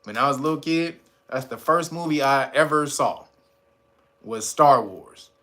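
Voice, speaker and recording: A man in his forties holds a casual monologue, animated and profane, laughing often between points. His voice sounds bright and forceful, and he speaks in an unhurried way. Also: medium pitch. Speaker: channel host.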